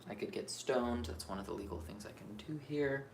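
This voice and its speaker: A man's voice: mid-range voice, fairly quick, vocal fry. A man giving a raw, unscripted monologue for his astrology channel, cursing freely as he vents. He circles around his thoughts and second-guesses himself aloud, with a faint hum of room ambience behind him. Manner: frank, profane venting; restless, self-questioning rambling.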